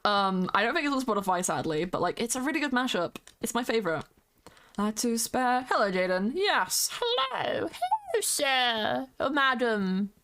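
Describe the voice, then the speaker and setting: A woman's voice: mid-range voice, expressive, brisk, fairly bright tone, a little hiss or hum. A woman streamer chatting casually with viewers while she plays, greeting them by name and humming along to music. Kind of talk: casual live-stream chat while playing a game.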